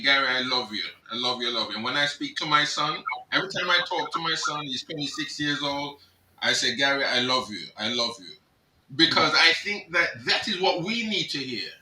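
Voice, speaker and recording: A middle-aged man, a reverend, speaking as a panellist on a video call, reflective and halting. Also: a little high, bright, forceful tone. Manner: reflective, halting, with restarts and a chuckle. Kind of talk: panel discussion. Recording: roomy, distant from the mic.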